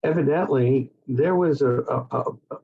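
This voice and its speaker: A woman's voice: rumbling low, normal speed, vocal fry, husky. A woman in a casual conversation who speaks in short, hesitant bursts with restarts. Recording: dull lo-fi recording.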